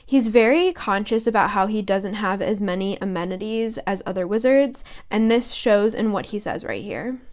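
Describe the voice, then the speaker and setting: A woman's voice: medium pitch, normal speed, few pauses. A young woman co-hosting a podcast, chatting casually about a book and giggling as she reads quotes aloud in voices. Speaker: podcast co-host.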